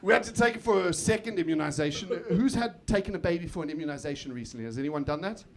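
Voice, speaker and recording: A man doing live stand-up on a comedy club stage, swinging from muttered asides to shouted outbursts. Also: a little high, animated, fast. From South Africa. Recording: live club recording with crowd laughter. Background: audience laughter.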